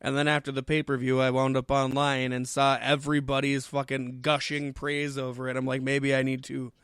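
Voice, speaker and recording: Smooth-voiced man, blunt casual talk. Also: mid-range voice, level tone, a little fast, fairly bright tone, dry recording, clean studio sound. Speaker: podcast co-host. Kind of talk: casual chat.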